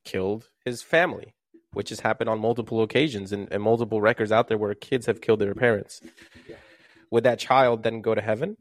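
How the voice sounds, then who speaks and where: A man co-hosting a podcast, thinking out loud and building hypothetical cases in a casual debate. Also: fairly low pitch, brisk, no echo, studio quality. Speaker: podcast co-host.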